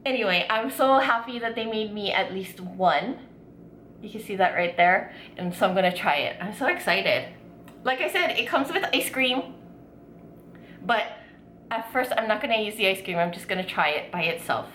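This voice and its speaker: A woman food vlogger talks in a medium-pitched voice, excitable and gushing, full of casual fillers. She sounds like she is in a roomy, echoing space. Faint ambient noise sits behind her. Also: moderate pace. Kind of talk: casual food tasting vlog.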